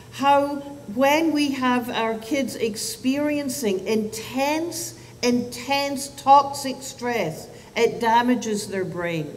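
A woman in her fifties with a fairly high voice gives a chatty, self-deprecating talk to parents and teachers. She is heard from some way off in a hall with a long reverb. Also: a little mellow. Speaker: child psychiatrist and speaker. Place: event hall. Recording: distant mic, long hall reverb, faint noise.

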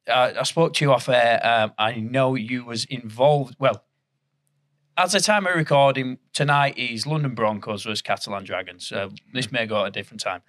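A man's voice: mid-range voice, moderate pace, a bit bright. A man hosting a podcast, asking loose friendly questions in a casual chat and laughing easily. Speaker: podcast host.

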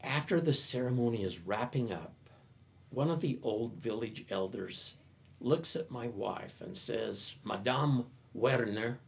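An older man, a professor, telling an animated story in a talk. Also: medium pitch, measured pace, gravelly. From United States.

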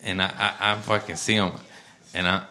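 A male stand-up comedian telling a profane, laid-back story on a club stage, with bursts of animated excitement. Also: on the low side, normal speed.

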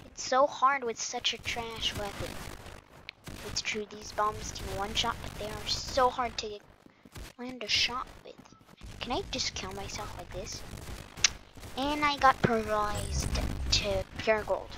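A woman giving casual gameplay commentary, playful and self-mocking, with bursts of excited exclamations. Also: fairly high pitch, a little slow, pauses often, noisy background. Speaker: gamer commentator.

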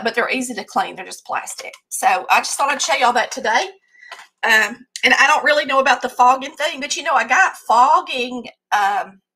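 A woman's voice: on the high side, bright, forceful tone. A middle-aged woman with a Southern accent, chatting casually and rambling to her viewers as host. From Southern United States. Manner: chatty, rambling, folksy with frequent fillers. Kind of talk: casual live chat to viewers.

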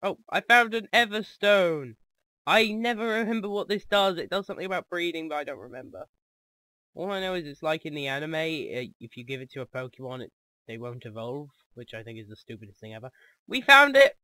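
An excitable man commenting on a video game as he plays, joking and laughing often. His voice is bright and slightly high. The sound is dry and close. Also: fast, no room sound. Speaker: let's play host.

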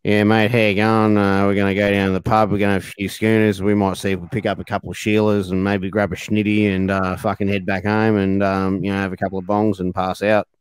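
A man with a broad Australian accent voicing a rowdy, crude bogan man, with a lazy drawl and rough slang. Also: lowish voice, flat delivery, fast, few pauses, no echo, voice pushed down, close to an everyday voice, low-quality recording. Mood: boozy laid-back.

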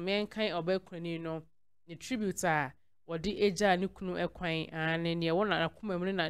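Smooth-voiced Ghanaian woman commentator. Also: fairly low pitch. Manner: mixes Twi and English freely. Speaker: celebrity gossip channel host. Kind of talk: commentary reading viewer comments aloud.

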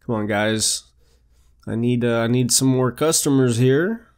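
This is a young man giving relaxed, chatty commentary over a management game he is playing. He talks through each step out loud in an upbeat way, at a middle-of-the-road pitch, into a desktop microphone. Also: unhurried, smooth. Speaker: let's play host. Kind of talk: casual gameplay commentary.

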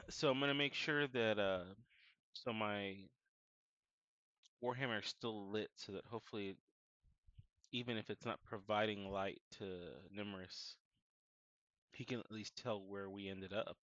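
A man playing a tabletop game, working out his turn aloud with pauses and fillers. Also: on the low side, a bit bright. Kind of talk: casual game chat. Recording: dull lo-fi mic.

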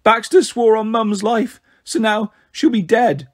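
A frightened little girl speaks in a high, breathless voice, close to tears, as a man reading a storybook puts her on. The tone carries a soft husky grain. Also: expressive, moderate pace, exaggerated voice. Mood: sobbing. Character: anxious tearful little girl.

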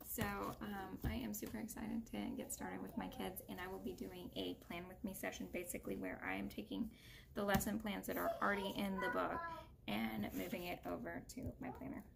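A woman's voice: medium pitch, little pitch movement, a little fast, gravelly. A young woman and homeschooling mom casually talking through books in a vlog, thinking aloud with fillers. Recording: loud background noise.

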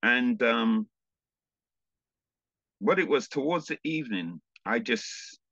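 A man, a pastor, telling a personal testimony as a sermon in an easygoing storytelling way, halting now and then with small fillers. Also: medium pitch, very animated, fairly bright tone, dry recording, muffled recording.

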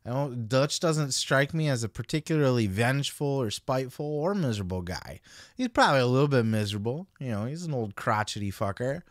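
A man's voice: mid-range voice, expressive, fairly quick, dry recording, studio quality. A man hosting a podcast, giving casual commentary in a blunt, heavily profane way. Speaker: podcast host.

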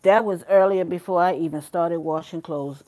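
In her home kitchen, a young woman who is a vlogger and mother chats casually to the camera, often calling her viewers "y'all." Her voice is on the low side and mellow, at a moderate pace.

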